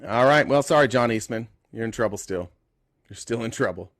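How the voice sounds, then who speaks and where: A man hosts a live call-in political talk show at a middle pitch. He jokes with callers and thinks out loud while reading the news. His voice sounds dry and close. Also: a little fast, no room sound. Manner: casual, joking, thinks aloud. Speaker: host.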